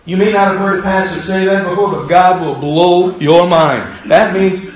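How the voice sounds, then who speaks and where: A male pastor preaching a sermon, acting out both sides of people's prayers to God with lively emphasis. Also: high voice, moderate pace. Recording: echoey hall, mic far off.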